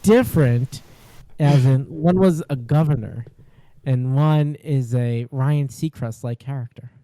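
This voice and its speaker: A man co-hosting a casual podcast chat, jokey and animated, tripping over his words when excited. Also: mid-range voice, unhurried, dry recording. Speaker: podcast co-host.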